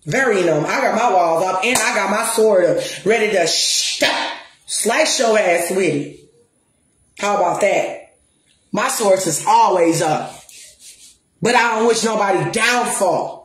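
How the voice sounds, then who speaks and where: Medium in pitch and a touch slow, a woman's voice fills an echoing room as she rants at the camera. A spiritual counselor and music promoter, she is profane and defiant, leaning on repetition and stress to press her points.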